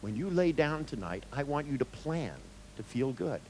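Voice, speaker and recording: A man's voice: mid-range voice, sing-song, moderate pace, darkish tone, a little hiss or hum, low-quality recording. A man, a therapist, giving a live seminar talk, telling stories with jokes and blunt swearing. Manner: joking, storytelling, blunt, with swearing.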